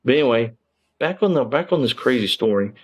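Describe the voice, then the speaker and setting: A man's voice: mid-range voice, animated, a little fast, rough recording. A man, a former police officer telling his story in a casual interview, rambling with lots of fillers and frank swearing.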